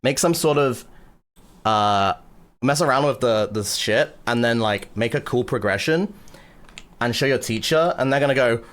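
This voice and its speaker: A man's voice: medium pitch, moderate pace, fairly bright tone. A man streaming casually and explaining chords in a joking, crude manner, full of swearing and fillers. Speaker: streamer teaching music production. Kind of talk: casual livestream chat.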